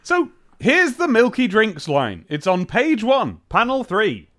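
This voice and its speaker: A man's voice: high voice, wildly swooping pitch, slow, fairly bright tone. A man co-hosting a podcast, reading a scripted recap and joking playfully with his co-hosts. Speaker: podcast co-host.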